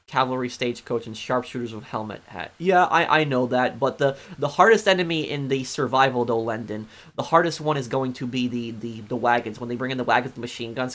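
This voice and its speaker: A man's voice: medium pitch, a bit bright. A man streaming a game and chatting casually with viewers, often hesitating and restarting sentences. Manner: hesitant, many ums and restarts, answering chat. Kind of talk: casual live-stream chat.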